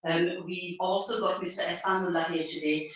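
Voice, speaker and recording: A woman hosting a live community event, speaking to an audience at a venue through a stand microphone, pausing often with fillers and restarts. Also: fairly low pitch, steady tone. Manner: halting, with many fillers and restarts. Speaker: event organizer and host. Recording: very echoey hall, mic far off.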